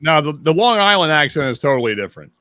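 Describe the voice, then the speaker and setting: A man's voice: fairly high pitch, big pitch swings, very fast, pushed and bright, no room sound, studio quality. A man in casual banter, sarcastic and opinionated.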